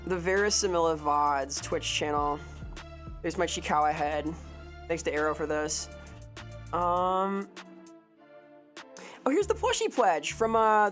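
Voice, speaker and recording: A woman streamer talking casually to her live chat, quick to get excited and swearing freely. Her voice sits on the lower side for a woman. Faint music plays behind her.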